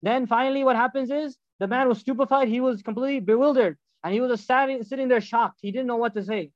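High-voiced guy preaching fast, acts out all the back-and-forth, dry close sound. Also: no room sound, muffled recording. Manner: animated, acts out dialogues. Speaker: religious teacher. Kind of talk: storytelling sermon.

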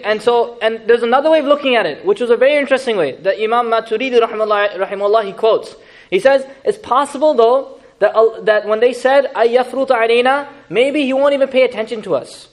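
A man teaching a Quran lesson in a lively, conversational way, asking the audience questions and making joking asides. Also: very high-pitched. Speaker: Islamic teacher.

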